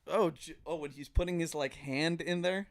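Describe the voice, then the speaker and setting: A man co-hosting a casual podcast, joking around with friends and breaking into loud outbursts. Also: fairly high pitch, normal speed. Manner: animated, bursts into loud outbursts and mock voices. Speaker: podcast co-host.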